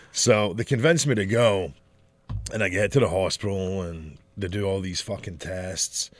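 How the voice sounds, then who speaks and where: A man with a fairly low voice tells a story on a podcast with plenty of swearing and laughter. The recording is close and dry, with no room sound. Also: moderate pace, dry recording. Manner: animated, profane, laughing storyteller. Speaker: podcast co-host. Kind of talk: casual storytelling chat.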